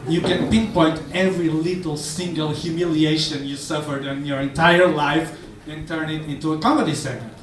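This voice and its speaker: A man's voice: on the high side, fairly even intonation, normal speed, few pauses, background noise. A man performing a live stand-up set in a bar, hesitant with stammering restarts. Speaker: stand-up comedian. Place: bar stage, indoors. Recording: roomy, distant mic, faint ambience.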